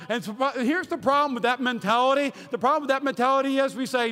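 A man preaching a sermon, energetic, swinging between shouts and hushed lines. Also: very high voice, quick pace, hardly any pauses. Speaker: pastor. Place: church hall. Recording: reverberant hall.

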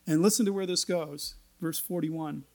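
Man, pastor, high voice, conversational sermon, folksy asides. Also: steady tone, normal speed, gravelly, darkish tone. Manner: conversational, reads scripture aloud and explains it.

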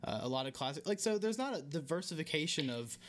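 A man's voice: on the high side, big pitch swings, fast talker. A young man from the American South with a Southern accent, hosting a casual podcast interview and rambling with many restarts and fillers. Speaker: podcast host.

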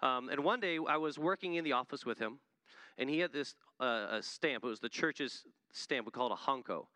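A man's voice: mid-range voice, fairly quick, sharp tone, no echo. A man preaching a sermon in an earnest manner, often building to emphatic peaks. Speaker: missionary preacher.

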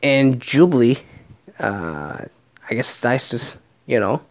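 A man casually recapping a reality show in a profane, sarcastic, animated rant. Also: mid-range voice, slow pace, no room sound.

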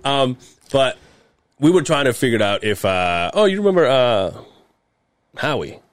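A man's voice: medium pitch, sing-song, moderate pace, a little hiss or hum. A man co-hosting a podcast in casual chat, telling rambling work stories, swearing often and laughing. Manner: rambling storyteller, swears a lot, frequent fillers and laughs. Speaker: podcast co-host; heavy equipment operator.

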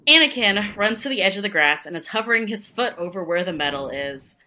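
A woman co-hosting a podcast, chatting casually about a book, animated and often laughing as she sums up chapters. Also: medium pitch, fairly quick. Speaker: podcast co-host.

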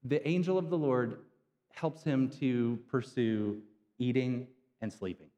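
A man's voice: mid-range voice, slow pace, dark tone. A man preaching a conversational sermon, retelling scripture in casual everyday slang. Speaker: pastor. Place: church sanctuary. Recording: long hall reverb.

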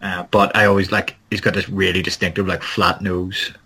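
A man's voice: low-pitched, flat delivery, normal speed, bright, forceful tone, slightly rough, poor audio. A man in a casual film podcast chat, rambling and searching for words and swearing now and then. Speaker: podcast co-host.

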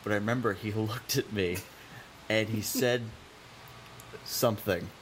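A man hosting a casual interview, telling a story in a halting, rambling way. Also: fairly low pitch, fairly even intonation, a little hiss or hum. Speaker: podcast host. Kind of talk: casual chat.

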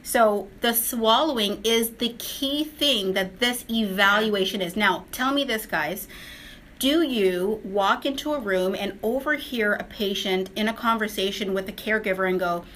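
A woman leading a casual clinical panel discussion, probing the others with quick questions. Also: mid-range voice, a bit bright, slight background noise. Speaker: discussion leader.

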